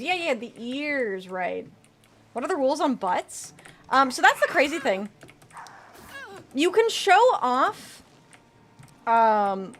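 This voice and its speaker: A woman's voice: sits high, fairly bright tone. A woman streaming a video game, chatting casually, reading out and answering her chat and swearing now and then. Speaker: VTuber streamer. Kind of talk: casual live-stream gameplay commentary.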